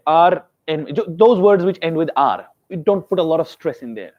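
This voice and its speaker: A man's voice: on the high side, lively intonation, moderate pace, highs cut off. A man teaching pronunciation in a classroom, repeating words to drill his students and adding joking asides. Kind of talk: classroom teaching, mixing English and Hindi.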